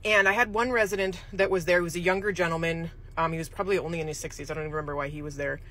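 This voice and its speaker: Bright-voiced woman telling spooky stories. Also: on the low side, fairly even intonation, very fast, slight background noise. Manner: chatty, rambling, laughs mid-sentence. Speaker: storyteller host. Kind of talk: casual spooky storytelling.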